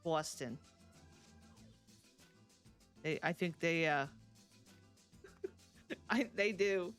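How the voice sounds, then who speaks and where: A woman's voice: lowish voice, lively intonation, extremely slow, a bit bright, smooth, faint music behind. A woman streaming a life-sim game, chatting casually and laughing often as she answers her chat. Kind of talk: casual live-stream chat while playing.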